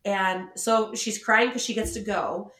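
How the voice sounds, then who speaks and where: A woman co-hosting a casual podcast, telling a story and slipping into the voices of the people in it. Her voice is bright and forward, and the recording has a roomy echo around it. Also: mid-range voice, a little slow. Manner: animated storyteller, acts out quotes. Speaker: podcast co-host. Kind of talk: casual chat.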